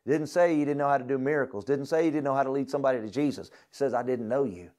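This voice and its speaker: A man's voice: medium pitch, very fast. Fervent man preaching to students. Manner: fervent, exhorting, rising in intensity then dropping to soft prayer. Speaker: guest lecturer at a ministry school. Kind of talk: sermon-style lecture.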